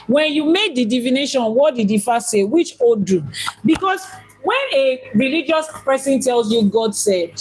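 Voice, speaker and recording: An Ifá priestess and teacher with a somewhat high, husky voice gives a teaching talk on faith at normal speed with lively intonation. She works through rhetorical questions, repeats points for emphasis, and turns playful when mimicking how others talk. The recording is low quality.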